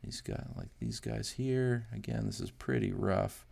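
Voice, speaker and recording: An amateur artist hosting a drawing channel chats casually while he draws, thinking aloud, sounding unsure and making fun of his own attempts. His voice is fairly low, gravelly and darkish with a breathy edge, and he speaks unhurriedly.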